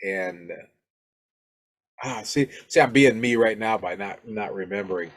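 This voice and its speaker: A middle-aged podcast host from Alabama speaks in a somewhat low voice. He talks casually and rambles, with lots of ums, uhs and restarted phrases. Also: unhurried. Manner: rambling, many fillers and restarts. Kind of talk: casual solo podcast talk.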